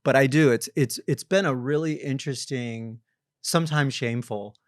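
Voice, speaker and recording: With a mid-range voice at a moderate pace, a middle-aged founder guesting on a podcast tells self-mocking stories, playing out what people are thinking in other voices. The talk is casual, full of laughs and restarts, and the studio recording has no echo.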